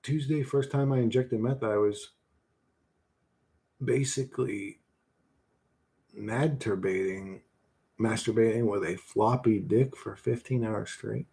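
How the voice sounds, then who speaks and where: A man's voice: lowish voice, takes it slowly, creaky, long pauses, mellow. A man hosting a casual livestream, reading chat and answering bluntly with lots of swearing and "bro.".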